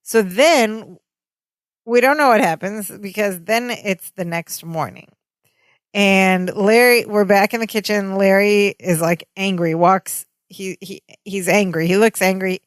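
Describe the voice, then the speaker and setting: A woman's voice: medium pitch, measured pace, dry recording, studio quality. A woman co-hosting a podcast, chatting casually and retelling scenes with quoted dialogue. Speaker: podcast co-host. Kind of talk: casual recap chat.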